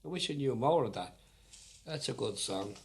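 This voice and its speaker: A man's voice: mid-range voice, expressive, normal speed, creaky, a little hiss or hum. A man with a Dublin accent, chatting wryly with hesitant fillers between the ballads he sings. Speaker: singer. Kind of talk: spoken introductions between unaccompanied ballads. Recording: old archival record.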